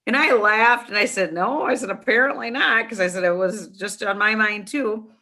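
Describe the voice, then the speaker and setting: Bright-voiced woman telling a lively story. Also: medium pitch, normal speed. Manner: chatty, animated storytelling with many restarts. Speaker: guest, nonprofit founder. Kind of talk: casual storytelling in an interview.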